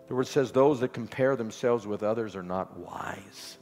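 A man preaching a sermon with rhythmic repetition, swinging from loud exhortation to soft, low lines. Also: moderate pace, gravelly. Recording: long hall reverb with faint music.

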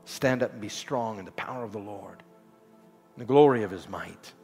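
A man's voice: fairly low pitch, normal speed, husky. Preacher man in a reverberant hall. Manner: rhythmic repetition, rising to exhortation then dropping soft. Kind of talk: sermon. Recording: long hall reverb with faint music.

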